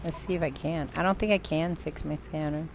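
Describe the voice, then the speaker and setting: A woman's voice: sits low, steady tone, fairly quick, background noise. An older woman rambling through live gameplay commentary, chatting to herself and her viewers and swearing now and then. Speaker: game streamer. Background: game music.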